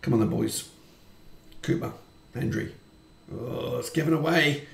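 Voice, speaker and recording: A man commentating on his football management game, chatty and quick to swear when frustrated. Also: medium pitch, gravelly, roomy sound. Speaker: gaming YouTuber. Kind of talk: let's-play commentary.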